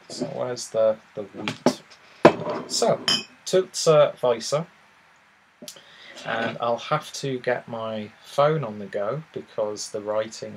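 A man's voice: mid-range voice, slight background noise, low-quality recording. A man reviewing beers in a casual video, rambling and self-deprecating as he sits at a table indoors. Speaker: beer reviewer. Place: indoors, seated in a low chair at a table.

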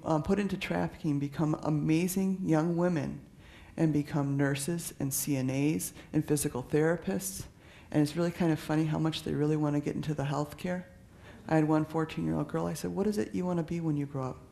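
Earnest man with a gravelly voice. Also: fairly high pitch, warm tone. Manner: earnest, conversational, frequent restarts and fillers. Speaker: police officer speaking on trafficking. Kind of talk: public talk.

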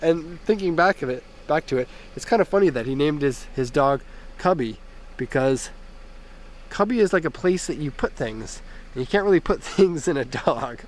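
A man's voice: fairly high pitch, animated, moderate pace, slight background noise. Chatty man rambling through a car walkaround. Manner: chatty and rambling, with jokey tangents. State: slightly hoarse from a recent illness. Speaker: car import dealer and reviewer. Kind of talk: casual walkaround car review. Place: inside a parked minivan.

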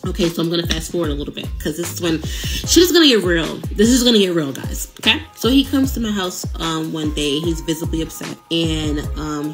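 A young adult woman hosting a podcast, telling a personal relationship story in a casual, animated way with asides to listeners. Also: deep voice. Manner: animated, conversational, many fillers and asides to listeners.

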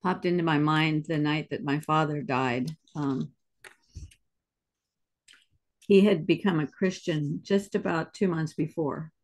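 Host, mid pitch; quiet, reflective storyteller in an interview. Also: unhurried, long pauses. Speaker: podcast host. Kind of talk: conversational interview.

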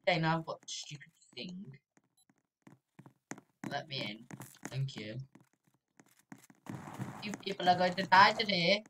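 Young woman, gameplay commentary, bright voice, lively pitch, chatty with screaming bursts. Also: measured pace, long pauses, a little hiss or hum. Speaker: gaming YouTuber.

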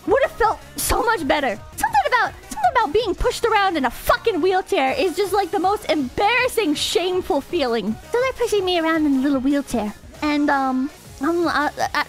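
A young woman streamer telling a story to her chat, animated and swearing, with quick asides and laughs at herself. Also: very high voice.

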